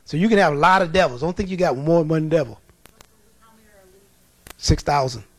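High-voiced animated male preacher. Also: moderate pace, dry recording. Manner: animated, colloquial storytelling with chuckles. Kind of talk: sermon.

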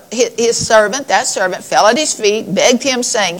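A woman's voice: on the high side, expressive, moderate pace, few pauses, fairly bright tone, low-quality recording. A woman preaching a sermon in a conversational, folksy way, reading scripture aloud and addressing her congregation.

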